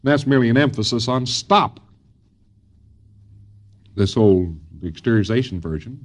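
A man giving an informal lecture to trainees, rambling and folksy, often pausing on fillers. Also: medium pitch, expressive.

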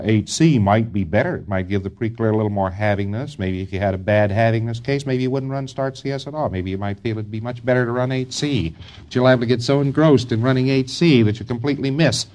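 A man giving an informal lecture to trainees, rambling and folksy, often pausing on fillers. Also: mid-range voice, darkish tone.

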